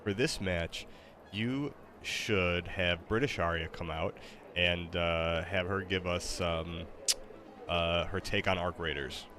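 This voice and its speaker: A man's voice: low-pitched, takes it slowly, pushed and bright, slight background noise. A man streaming a game, chatting casually with lots of fillers and restarts and laughing easily. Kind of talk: casual livestream chat.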